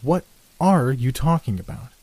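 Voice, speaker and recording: A man voicing a blunt, jokey young male student who talks briskly and impatiently. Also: on the low side, a little mellow, dry recording. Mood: brusque.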